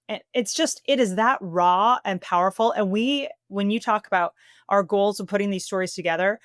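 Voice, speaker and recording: A woman sports broadcaster as an interview guest, animated and emotional, who laughs easily and retells stories. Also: mid-range voice, dry recording, clean studio sound. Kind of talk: conversational interview.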